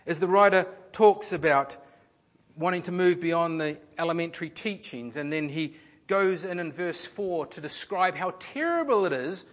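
A man preaching a sermon, earnest, swinging between loud emphasis and soft, low phrases, with some repeated words. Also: lo-fi sound. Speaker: pastor.

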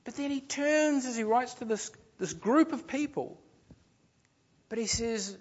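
A man preaching a sermon, earnest, swinging between loud emphasis and soft, low phrases, with some repeated words. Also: unhurried, dull audio. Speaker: pastor.

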